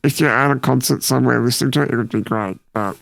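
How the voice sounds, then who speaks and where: A man's voice: mid-range voice, quick pace, vocal fry, a bit bright, no echo. A young man, co-hosting a casual podcast chat about music with brief, laid-back remarks. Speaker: podcast co-host.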